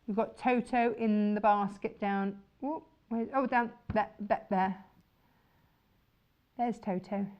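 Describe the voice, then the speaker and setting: A woman's voice: medium pitch, fairly even intonation, slow pace, highs cut off. A woman presenting fabrics on a shopping channel, chatty and enthusiastic. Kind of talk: chatty live sales presentation.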